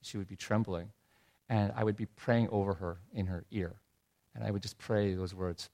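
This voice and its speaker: A middle-aged man telling a heartfelt personal story in a sermon, his voice dropping low and soft when he is moved. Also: steady tone, moderate pace, gravelly. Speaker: preacher. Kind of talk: sermon testimony.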